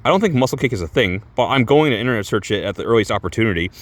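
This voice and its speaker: A crude, boastful muscle-bound antihero, read aloud by a man. He sits a bit higher than the reader's own low voice and reads like a comic book page. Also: animated, very fast, no echo, natural voice. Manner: reading comic lines aloud in a slightly raised voice.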